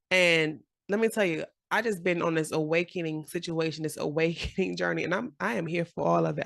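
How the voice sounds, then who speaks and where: Gravelly-voiced encouraging woman in her forties. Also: lowish voice, fairly quick, hardly any pauses, no room sound, studio quality. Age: 40s. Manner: animated, encouraging, slips into quoted voices and laughs often. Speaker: journaling vlogger. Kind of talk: casual motivational talk to camera.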